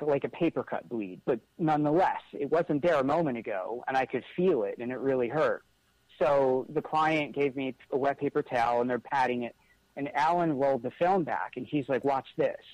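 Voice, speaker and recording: A man's voice: mid-range voice, animated, normal speed, darkish tone, dry recording, poor audio. Male interview guest, mid-range voice, earnest storyteller with lots of "like" fillers, recorded dry. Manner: earnest, frequent "like" fillers and restarts. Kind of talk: conversational storytelling.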